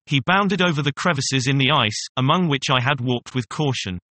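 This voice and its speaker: A man narrating a classic novel aloud in a measured, even storytelling manner. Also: medium pitch, slight background noise. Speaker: audiobook narrator. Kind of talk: scripted first-person narration.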